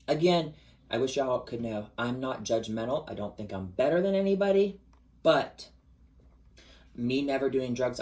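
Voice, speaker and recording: Chatty, expressive man talking to camera. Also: poor audio. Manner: chatty and expressive, jumps in pitch for emphasis. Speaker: vlogger. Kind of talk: casual confessional monologue.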